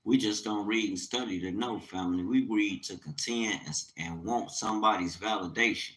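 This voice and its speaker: A man's voice: lowish voice, moderate pace, fairly bright tone, poor audio. A man teaching the Bible on a livestream, reading scripture aloud and commenting with urgent, emphatic preaching.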